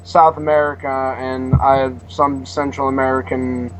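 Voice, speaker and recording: A man's voice: mid-range voice, level tone, moderate pace, a little hiss or hum, low-quality recording. A male podcast guest chatting casually, hesitant and rambling with fillers. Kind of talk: casual chat.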